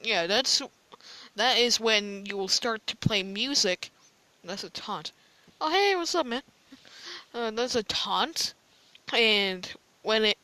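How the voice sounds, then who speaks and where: A woman giving casual gameplay commentary, excitable, yelling taunts and giggling between lines. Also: medium pitch, clean tone, poor audio. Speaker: gamer recording gameplay.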